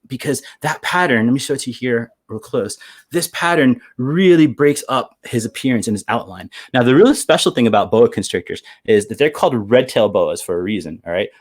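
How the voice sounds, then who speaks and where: A man presents zoo animals in a live educational show. He is chatty and enthusiastic, with plenty of fillers and laughs. His voice sits at an ordinary mid pitch.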